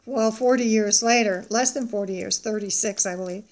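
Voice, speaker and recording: A woman reading a Bible passage aloud and adding her own commentary. She slows down and stresses the quoted lines, and corrects herself in her asides. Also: mid-range voice, a little mellow. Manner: slow, emphatic reading of quoted speech; pauses to self-correct in asides. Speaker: Bible teacher.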